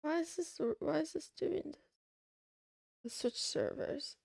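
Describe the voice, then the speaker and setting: Woman streamer, slow unhurried chat, slightly high voice, excitable rambling with playful meows, dry close sound. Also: creaky, no room sound. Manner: rambling and excitable, meowing between remarks. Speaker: livestreamer. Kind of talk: casual chat to a live audience.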